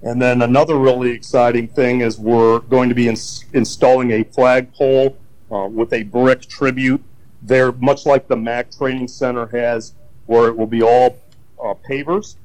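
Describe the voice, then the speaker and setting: A man of ordinary pitch talks through his answers patiently, explaining things step by step. He often pauses on ums and restarts his sentences as he goes. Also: level tone, darkish tone, poor audio. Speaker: county emergency management director. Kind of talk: casual interview answers.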